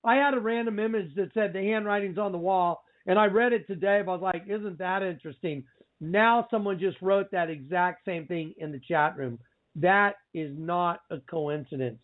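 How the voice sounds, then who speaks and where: Excitable guy hosting a preachy radio show, pretty high voice, tinny phone-line sound. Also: normal speed. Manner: excitable, exclaiming, storytelling with repeated phrases.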